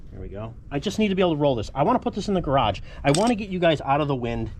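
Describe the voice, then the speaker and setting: A man's voice: on the high side, sing-song, racing, a little mellow. A man hosting a casual car restoration vlog, talking to viewers in a chatty, jokey way while he works outdoors in a yard. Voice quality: deaf in one ear. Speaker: car restoration channel host. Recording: wind and work noise outdoors.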